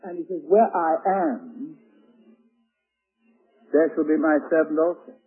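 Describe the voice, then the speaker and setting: A man preaching a sermon with dramatic swings between hushed and loud delivery. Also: on the high side, measured pace, breathy edge. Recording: tinny lo-fi radio broadcast.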